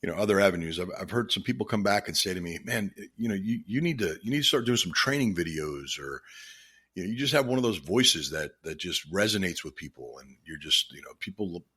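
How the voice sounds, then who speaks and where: Middle-aged guy hosting his own podcast, real low husky voice, earnest and heartfelt, keeps restarting his sentences. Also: expressive, a little fast, pushed and bright. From Florida. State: choked up with emotion. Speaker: podcast host. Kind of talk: reflective solo podcast monologue.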